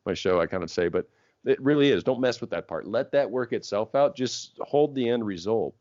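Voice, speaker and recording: A man's voice: mid-range voice, lively intonation, fairly quick, darkish tone, dry recording. A man hosting a talk show, reflectively explaining an idea to his guest in a coaching tone. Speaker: radio show host. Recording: dry, dull lo-fi audio.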